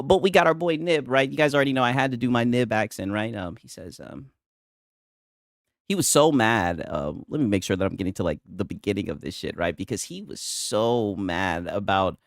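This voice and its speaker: A man's voice: on the low side, no room sound, studio quality. A young man ranting in casual commentary, rambling and profane, tagging nearly every line with "right?". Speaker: streamer.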